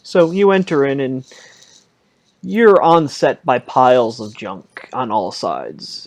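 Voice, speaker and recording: A man running a tabletop game as game master, narrating in a casual, halting way. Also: medium pitch.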